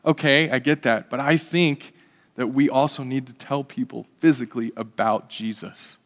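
A man preaching a conversational sermon as pastor, animated, with humorous asides. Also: mid-range voice, normal speed, big-room sound.

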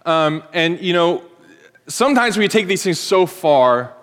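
A man in his forties delivers a sermon from a church sanctuary in a fairly high voice. He talks to the room conversationally, joking and animated. His words ring with a long reverb. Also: unhurried. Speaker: pastor.

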